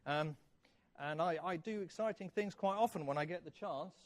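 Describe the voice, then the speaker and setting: Lively man telling kids a church story. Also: on the high side, normal speed. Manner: lively, asks children questions and praises answers. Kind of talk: children's story talk with questions to kids. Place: church hall.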